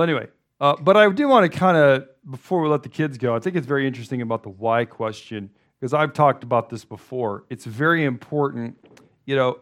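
A male pastor giving a loose, conversational sermon, wandering through asides and restarting his sentences often. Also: mid-range voice.

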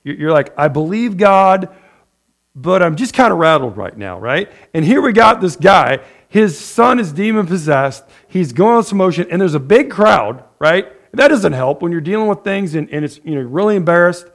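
A man's voice: sits high, animated, moderate pace, few pauses. A middle-aged man preaching a sermon in a loose, conversational way, full of fillers and restarts, acting out people's prayers. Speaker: pastor.

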